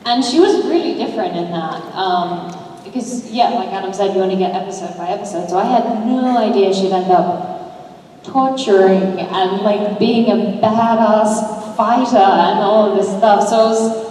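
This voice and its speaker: A woman's voice: mid-range voice, normal speed, dark tone, a little hiss or hum. A woman, an actress on a fan convention panel, chatting casually and laughing easily. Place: large convention hall. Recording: echoey hall, distant fan recording.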